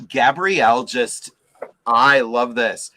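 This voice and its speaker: A man's voice: medium pitch, slow pace, sharp tone, a little hiss or hum, poor audio. A man co-hosting a casual group chat, talking in an enthusiastic, chatty way. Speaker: podcast co-host.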